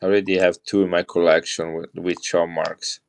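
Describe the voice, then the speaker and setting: A man's voice: low-pitched, flat delivery, normal speed, clear, resonant tone. A middle-aged man with an Italian accent, chatting casually on a live stream as he sells and shows off coins to viewers. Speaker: coin seller on a live stream.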